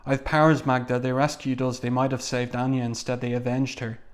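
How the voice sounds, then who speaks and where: A grieving, vengeful middle-aged male mutant, read out by a man in a plain voice. His lines come with light emphasis, at an ordinary middle pitch. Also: level tone, brisk, close to an everyday voice. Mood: defiant.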